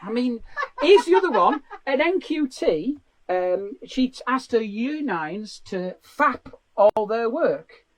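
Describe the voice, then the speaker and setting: A comedian host, chatting casually and reading out stories with plenty of laughter. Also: male voice, very high-pitched, slow pace, no echo, low-quality recording. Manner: animated, laughing storyteller.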